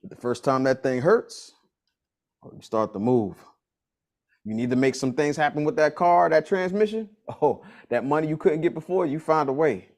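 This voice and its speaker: A man's voice: fairly high pitch, normal speed, a little mellow. A man leading a business coaching workshop in a casual, slangy way, repeating key lines for emphasis. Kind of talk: motivational workshop talk.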